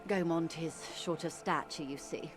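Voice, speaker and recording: A woman's voice: deep voice, steady tone, soft background music, natural voice. A woman voicing a poised, formal negotiator. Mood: composed. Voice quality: polished, formal diction. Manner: composed and measured. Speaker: union negotiator in the game. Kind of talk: game voice acting.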